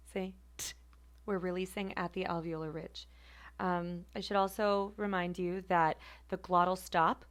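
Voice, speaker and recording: A woman teaching a phonetics class, speaking deliberately and repeating example words slowly to demonstrate them. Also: medium pitch. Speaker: phonetics instructor. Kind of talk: recorded lecture demonstration.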